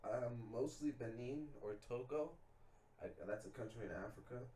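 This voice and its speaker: A young man co-hosting a podcast, talking in a relaxed, casual way and laughing often. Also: mid-range voice, normal speed, slight background noise. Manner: laid-back, laughs often. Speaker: podcast co-host. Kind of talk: casual chat.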